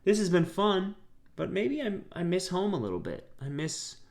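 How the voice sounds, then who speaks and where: A man reading aloud and voicing a homesick little boy king, soft and wistful, in his own voice. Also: high voice, big pitch swings, normal speed, gravelly, heavily acted. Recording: roomy echo.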